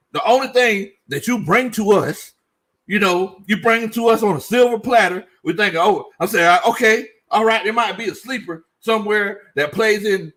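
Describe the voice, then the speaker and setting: A man's voice: sits high, pushed and bright. A man hosting a casual sports commentary livestream, reading out chat comments and joking, repeating lines for emphasis. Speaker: sports show host.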